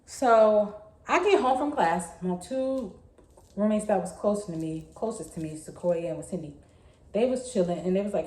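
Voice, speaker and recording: A woman's voice: medium pitch, moderate pace. Chatty woman telling a story, echoey room. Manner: chatty, animated storytelling with laughs and slang. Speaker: vlogger. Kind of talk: casual storytime.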